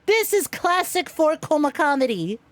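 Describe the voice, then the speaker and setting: A woman's voice: high-pitched, sing-song, moderate pace, no echo. A woman streaming a game, greeting her chat by name, swearing freely and laughing often. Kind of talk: casual livestream chat while gaming.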